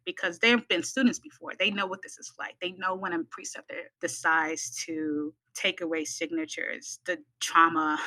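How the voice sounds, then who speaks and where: A woman's voice: fairly low pitch, low-quality recording. A midwifery student, a woman from the United States, telling a personal story in a podcast and acting out the voices of the people in it. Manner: animated, acts out quoted voices.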